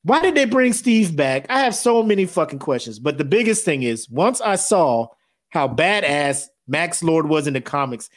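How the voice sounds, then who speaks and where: A man co-hosting a podcast in casual chat, profane and animated, acting out movie scenes in quick voices. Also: a little high. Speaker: podcast co-host.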